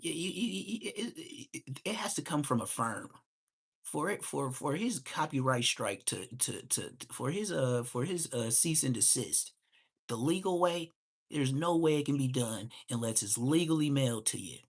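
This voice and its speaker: A man's voice: mid-range voice, animated, moderate pace, slightly rough. A man vlogging, ranting casually and mocking someone in a trash-talking way.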